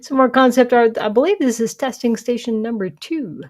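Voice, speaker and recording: A woman's voice: a little high, moderate pace, darkish tone. A woman hosting a casual gaming chat, rambling and correcting herself as she talks, laughing often. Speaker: streamer host.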